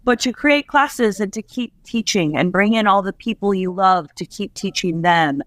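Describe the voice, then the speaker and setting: A woman guest in a casual chat, enthusiastic and quick to laugh. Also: mid-range voice, dry recording. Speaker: guest interior designer.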